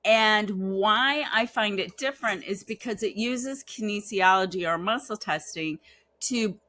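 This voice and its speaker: A woman guest on an interview podcast, a facilitator and hypnotherapist who talks in a chatty, animated way and acts out quoted dialogue as she tells stories. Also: medium pitch, dry recording. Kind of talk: casual interview storytelling.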